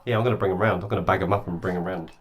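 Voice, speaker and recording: A man's voice: sits low, fairly even intonation, very fast. A man co-hosting a casual podcast chat, laid-back and laughing a lot.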